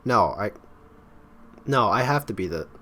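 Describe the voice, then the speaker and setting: A man's voice: fairly low pitch, expressive, unhurried, sharp tone. A man hosting a game playthrough, reading the dialogue aloud dramatically and breaking off for wry comments. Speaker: let's play host.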